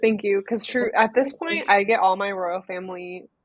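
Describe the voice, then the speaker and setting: A young woman co-hosting a podcast, chatting in a playful, lively way. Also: mid-range voice, moderate pace, a crowd in the background. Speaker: podcast co-host. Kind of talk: casual chat. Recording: dull, dry podcast mic.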